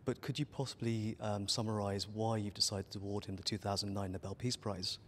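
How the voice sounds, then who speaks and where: A man's voice: lowish voice, flat delivery, fairly quick, a bit bright. A man working as an interviewer, asking formal and carefully phrased questions in a polite manner. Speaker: interviewer, editor. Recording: long reverb.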